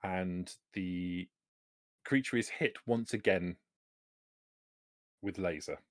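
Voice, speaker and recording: A man narrating as game master of a tabletop game, relaxed and halting, with many fillers. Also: low-pitched, dry recording, clean studio sound.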